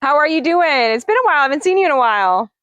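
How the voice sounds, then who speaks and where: A woman's voice: high-pitched, sing-song, very fast, fairly bright tone, dry recording, muffled recording. A woman hosting a casual livestream as a parrot trainer, chatting with viewers and cooing to her birds in a singsong voice. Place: outdoors.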